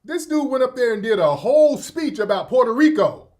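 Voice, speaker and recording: A man's voice: very high voice, big pitch swings, a little fast, darkish tone. A man hosting his own show, giving blunt, profane, mocking commentary in a casual way. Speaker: show host.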